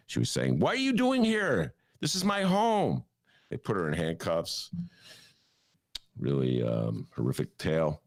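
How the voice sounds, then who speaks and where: A man's voice: gravelly, darkish tone, no echo, studio quality. A middle-aged man co-hosting a podcast in casual chat, rambling with lots of fillers and chuckles. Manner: rambling, full of fillers and chuckles, given to sudden jumps in pitch. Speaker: podcast co-host.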